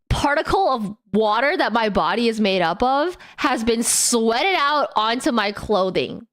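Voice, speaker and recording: High-voiced streamer girl ranting to chat, swears a lot, voice jumps all over the place. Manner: animated, exaggerated, lots of swearing; breathless rapid bursts with sudden shrieks. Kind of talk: casual storytelling to stream chat.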